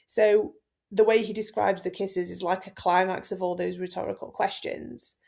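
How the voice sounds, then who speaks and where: A woman's voice: mid-range voice, flat delivery, normal speed, vocal fry, darkish tone. A woman, a Latin teacher talking through a poem line by line for exam students in a chatty, informal way, with lots of fillers. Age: 30s. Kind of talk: exam-focused text explanation.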